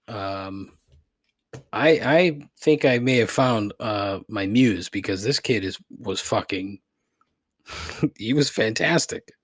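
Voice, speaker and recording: Exasperated swearing man, husky and dry. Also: lowish voice, no echo. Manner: frustrated, swearing, self-deprecating with rueful laughs. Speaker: podcast host. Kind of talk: solo podcast rant.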